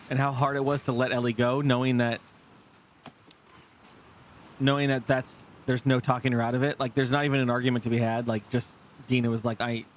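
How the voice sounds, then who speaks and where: A man doing casual gameplay commentary as a streamer, animated, swearing often and thinking aloud. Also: medium pitch, slight background noise.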